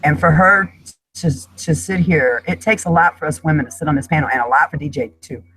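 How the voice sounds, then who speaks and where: A woman's voice: deep voice, a little fast, fairly bright tone, a little hiss or hum, rough recording. A middle-aged woman speaking as a guest in an emotional panel discussion, talking in an impassioned, emphatic way.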